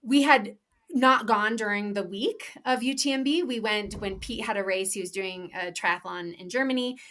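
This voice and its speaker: This professional trail runner and podcast co-host has a mid-range, slightly bright voice at normal speed. Her casual chat is eager and meandering, packed with fillers and false starts.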